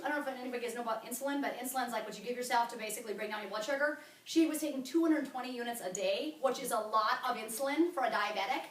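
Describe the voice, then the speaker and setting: A woman giving an energetic, blunt wellness talk to a group in a meeting room. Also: sits high. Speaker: wellness coach presenter. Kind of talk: sales presentation to a group. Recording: roomy, from far off.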